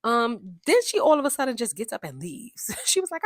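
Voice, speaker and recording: A woman giving a casual, opinionated recap of a reality TV show, with chatty, animated asides. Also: fairly high pitch, a little fast, few pauses, no echo, studio quality.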